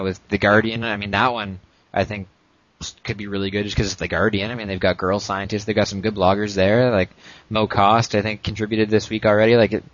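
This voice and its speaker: A man's voice: fairly low pitch, a bit bright, no echo. Canadian man hosting a casual podcast. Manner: rambling, hedging with fillers. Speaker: podcast host. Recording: dull lo-fi dry sound.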